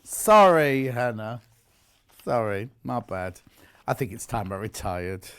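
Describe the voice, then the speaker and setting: A man's voice: medium pitch, lively intonation, slow, fairly bright tone, smooth. A middle-aged man presenting products live on a home shopping channel, chatty, enthusiastic and jokey about himself.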